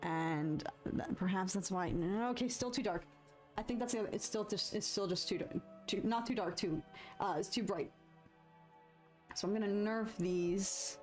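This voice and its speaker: A young adult woman chatting casually on a live stream as she paints, expressive and talkative, swinging between frustration and giddy relief. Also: mid-range voice.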